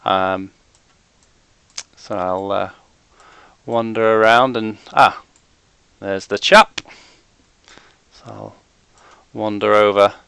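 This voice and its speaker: A man's voice: on the low side, fairly even intonation, slow, vocal fry, long pauses, bright, forceful tone, clear, resonant tone, no echo. A man playing a tabletop game as a player, hesitant and stammering, repeating his words. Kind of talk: tabletop role-play, in and out of character.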